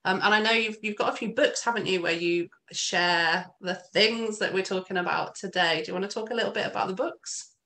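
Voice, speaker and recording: A woman hosts a casual interview with a bright, crisp tone. She encourages her guest and affirms what she says. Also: medium pitch, fairly quick. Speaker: podcast host.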